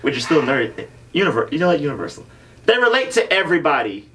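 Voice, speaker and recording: A man with a slightly high voice hosts a casual podcast. He riffs and jokes his way through the chat with his co-host. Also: very animated, fast talker, fairly bright tone, recorded from a distance, slight background noise. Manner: joking, riffing banter.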